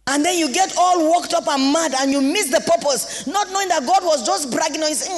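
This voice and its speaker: A Nigerian woman pastor delivering an impassioned sermon with sing-song rises and shouted exclamations in a church hall. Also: high-pitched, fairly quick, hardly any pauses. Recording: long reverb of a large hall.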